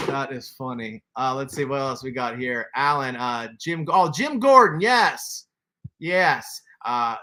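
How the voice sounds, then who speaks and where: A man's voice: mid-range voice, pushed and bright. A man, casually hosting a toy livestream, laughing often and reading chat aloud. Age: 40s. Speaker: toy collector livestream host.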